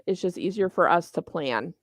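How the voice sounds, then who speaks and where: A woman's voice: on the low side, lively intonation. Middle-aged minnesota lady, chatty and jokey about herself, dry close-up sound with no room echo. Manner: chatty, self-deprecating, quick to laugh. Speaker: tournament organizer guest. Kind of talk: casual interview chat.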